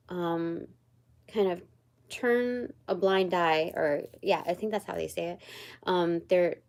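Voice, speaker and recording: A woman giving a livestreamed tarot reading in a slow, meandering way, pausing often and searching aloud for words. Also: fairly low pitch, darkish tone. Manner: slow and meandering, many pauses and fillers. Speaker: tarot reader and channeler. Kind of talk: livestreamed spiritual card reading.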